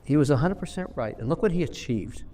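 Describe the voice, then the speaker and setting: A man's voice: on the high side, expressive, fast talker, dark tone, long reverb tail. A man in his sixties telling blunt, emphatic anecdotes as an investor guest in an interview. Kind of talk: storytelling interview answer.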